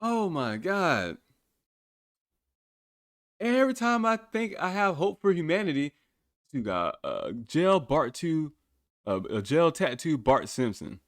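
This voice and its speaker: A man's voice: on the high side, very animated, normal speed, no room sound, studio quality. A man hosting a podcast, reacting to a music video in casual, blunt, profane talk, often breaking into incredulous laughter. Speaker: podcast host.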